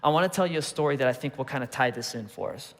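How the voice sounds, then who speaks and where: Pastor preaching with hall reverb. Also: male voice, mid-range voice, racing. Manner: conversational storytelling with rhetorical questions. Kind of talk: sermon. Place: church auditorium.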